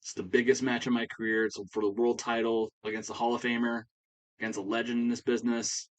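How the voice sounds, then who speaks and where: A man voicing a young male wrestler fixed on his title shot, talking earnestly and fast with stammered apologies. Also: mid-range voice, flat delivery, lightly acted, low-quality recording.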